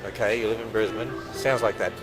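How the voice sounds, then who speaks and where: A man's voice: on the low side, steady tone, fairly quick, music in the background, low-quality recording. A man in his sixties with an Australian accent, giving a casual tour and chatting with visitors, joking and laughing often. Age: 60s. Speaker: ministry president giving a tour. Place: walking through a building and outdoors.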